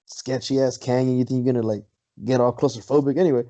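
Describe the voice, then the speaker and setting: A man's voice: medium pitch, fairly even intonation, fast talker, mellow. A man on a podcast telling a long story, rambling and swearing, laughing often. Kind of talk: casual chat.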